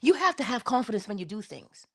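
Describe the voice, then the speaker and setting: A woman hosting a spiritual talk, animated and laughing often as she tells stories. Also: mid-range voice, fast, husky. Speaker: spiritual channel host. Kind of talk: casual spiritual talk to viewers.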